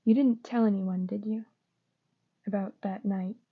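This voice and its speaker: A woman's voice: medium pitch, fairly even intonation, unhurried, slightly rough. A woman voicing Harry Potter, gloomy teenage boy. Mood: guarded. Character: troubled teenage boy wizard, guarded and self-blaming. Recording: dull lo-fi recording.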